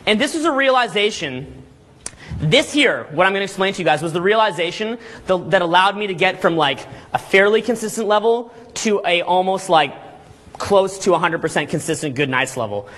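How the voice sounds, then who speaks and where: A man leads a live seminar, teaching the room with lively energy and throwing questions at his audience. His voice sits high and rings sharp and bright. He talks like a coach working a crowd. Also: fairly quick.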